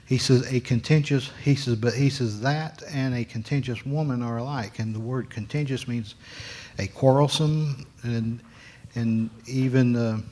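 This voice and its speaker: Guy teaching sunday school at church, mid-pitched voice, stops and restarts a lot, homey explaining. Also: a little mellow. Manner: halting, many restarts and fillers, folksy explaining. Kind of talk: Bible lesson. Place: church classroom.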